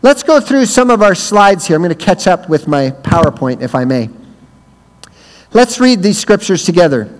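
A man giving a sermon as a guest speaker, telling a story and breaking into loud shouted quotes. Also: high voice, very animated, normal speed, slight background noise. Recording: reverberant hall.

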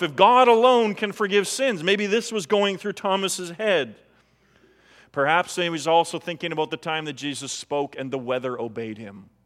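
A high-voiced man preaching a sermon, animated, slipping into the voices of the people he quotes. His words ring out in a church sanctuary with a long reverb trailing behind. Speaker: pastor.

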